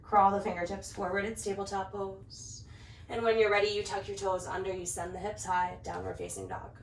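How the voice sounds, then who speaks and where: A woman instructor gently cueing poses in time with the breath during a guided yoga class, slightly out of breath as she moves along. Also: medium pitch, brisk, slight background noise. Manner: calm, gentle cues paced to the breath. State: a little out of breath while practicing along. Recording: roomy, picked up from a distance.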